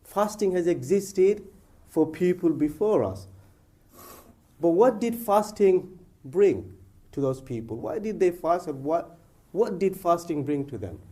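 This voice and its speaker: A man gives a casual religious talk, telling a story with lively back-and-forth dialogue. His voice sits a little high but sounds mellow and warm. He talks loosely, with plenty of fillers and quick asides. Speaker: Islamic speaker.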